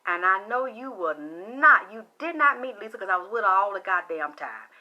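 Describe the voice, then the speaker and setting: A woman's voice: mid-range voice, expressive, moderate pace, highs cut off, voice pushed down, lightly acted. A woman retelling the words of an insistent young woman caller, in a firm, emphatic way.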